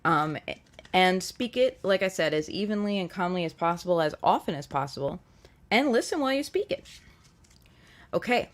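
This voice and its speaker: A woman hosting a casual live-stream tarot reading, earnest and reflective as she gently advises her viewers. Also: fairly low pitch, very animated, normal speed, pauses often. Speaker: tarot reader and show host.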